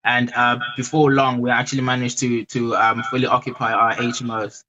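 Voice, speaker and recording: A man guest in an interview, speaking hesitantly with frequent pauses and restarts. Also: medium pitch, little pitch movement, pushed and bright, highs cut off. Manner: hesitant, many fillers and restarts. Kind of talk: casual interview.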